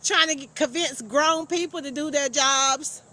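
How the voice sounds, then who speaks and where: A woman's voice: high voice, unhurried, bright, forceful tone, slight background noise. A woman hosting a casual live stream, chatting with viewers, teasing and laughing often.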